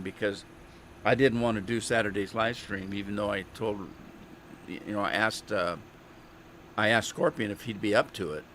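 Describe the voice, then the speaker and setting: A man's voice: on the low side, background noise. A man chatting casually on a live stream, talking candidly and rambling with frequent restarts.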